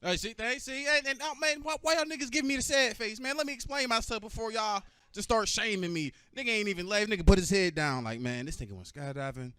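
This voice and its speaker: A young man doing stand-up comedy, profane and animated, bantering with the audience. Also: extremely high pitch, quick pace, few pauses, smooth, no room sound.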